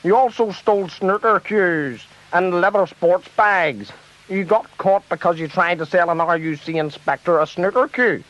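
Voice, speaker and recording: A flustered Northern Irish TV presenter, played by a man, fusses to keep order in a rowdy debate. His voice is pitched high, and the recording sounds dull and lo-fi. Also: normal speed, a bit bright. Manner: fussy, trying to keep order.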